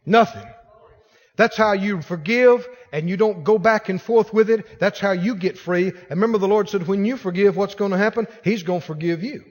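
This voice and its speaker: A man's voice: high-pitched, a little fast, hardly any pauses, big-room sound. A male pastor preaching a sermon, acting out the voices of the people he quotes.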